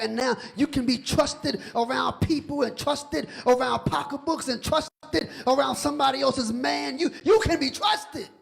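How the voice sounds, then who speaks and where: A man preaching a sermon as pastor, joking with the congregation and building from quiet talk to shouting, often repeating words. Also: very high voice, gravelly. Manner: conversational preaching that rises to shouting, with stammered repeats; humorous, teasing the congregation.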